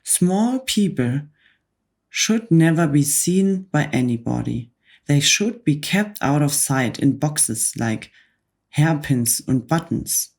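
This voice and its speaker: A woman in a soft whispered role-play voicing a huge, furious female headmistress who barks scornful orders at children. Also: sits low, animated, slow, full character voice. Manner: barking, scornful.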